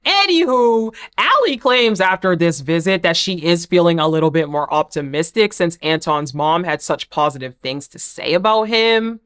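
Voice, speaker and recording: A woman's voice: lowish voice, lively intonation, normal speed, hardly any pauses, a bit bright. A woman vlogger giving a sassy, chatty, opinionated recap of a TV episode. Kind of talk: casual recap commentary.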